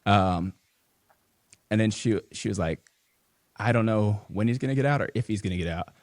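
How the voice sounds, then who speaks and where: A man with a notably low voice talks as a podcast guest, loose and rambling, full of fillers and restarts. The sound is dry and close, with no room around it. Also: moderate pace, darkish tone, no room sound. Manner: emotional, holding back tears. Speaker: podcast guest, business founder. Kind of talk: casual interview conversation.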